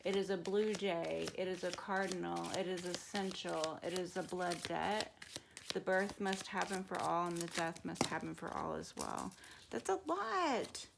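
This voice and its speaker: A woman's voice: on the low side, level tone, moderate pace, gravelly, background noise. A woman doing a casual tarot reading for her viewers, musing aloud and laughing often. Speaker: tarot reader.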